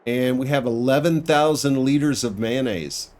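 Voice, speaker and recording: A let's play gamer offers casual commentary over his farming game, thinking out loud and chuckling now and then. His mid-range voice moves at a normal speed.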